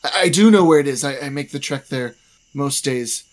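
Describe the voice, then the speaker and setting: A man's voice: mid-range voice, a little fast, close to an everyday voice. A man voicing a jittery, frightened male stranger who stammers and apologizes nervously.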